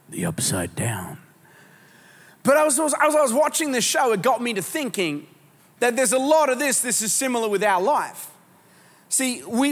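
A man preaching a live sermon as pastor, telling stories in an animated, joking way with many restarts. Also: very high-pitched. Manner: animated, jokey storytelling with lots of restarts. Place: large church auditorium. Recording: long hall reverb.

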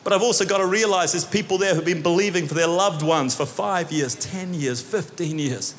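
A man from New Zealand with a New Zealand accent, preaching an animated sermon that swings between loud shouts and quiet asides. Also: high voice, moderate pace. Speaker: pastor. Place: church hall. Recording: long hall reverb.

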